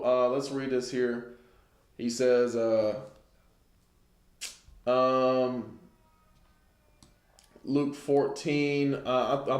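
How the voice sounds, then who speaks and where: A man's voice: mid-range voice, reverberant. A man giving an informal Bible lesson in a conversational way, often checking in with his listeners. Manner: conversational, many "all right?" check-ins. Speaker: Bible teacher.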